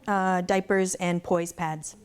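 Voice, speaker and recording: A middle-aged woman who raises goats speaks at a conference, chatting casually to a live audience, laughing through her stories and adding asides about her faith. Her voice is fairly low, smooth and steady, and she talks slowly.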